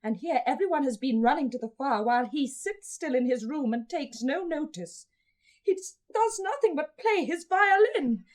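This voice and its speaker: A woman's voice: high voice, animated, normal speed, a little mellow. An actress in a vintage radio play voicing a weary, despairing young woman in her twenties who talks tearfully and keeps breaking into sobs. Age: 20s.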